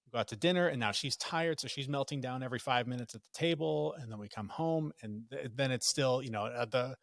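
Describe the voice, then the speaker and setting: A man's voice: medium pitch, gravelly, dry recording, studio quality. A middle-aged man, a podcast guest, telling a family story in casual talk and acting out the quotes. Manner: animated, acts out quotes in raised voice.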